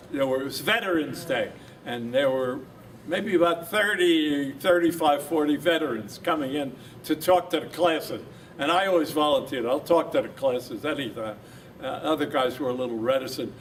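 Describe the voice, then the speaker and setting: A man's voice: medium pitch, moderate pace. An older man, a veteran from New Jersey, telling his war story at a reunion and acting out the voices he quotes. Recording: distant mic with background noise.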